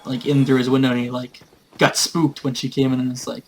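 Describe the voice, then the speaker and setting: A man's voice: mid-range voice, little pitch movement, brisk, a little mellow, slight background noise, rough recording. A man casually recounting a tabletop game session in a rambling way, full of fillers. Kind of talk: casual storytelling.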